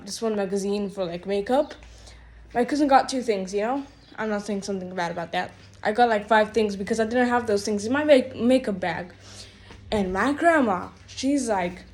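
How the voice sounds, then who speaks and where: A woman's voice: medium pitch, moderate pace. A woman telling a rambling, exasperated storytime rant, full of "like" and "bro" fillers. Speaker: vlogger.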